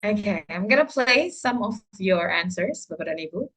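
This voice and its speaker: Animated woman leading an online English workshop. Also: mid-range voice, moderate pace, low-quality recording. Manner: animated, encouraging, many fillers. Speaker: English teacher trainer.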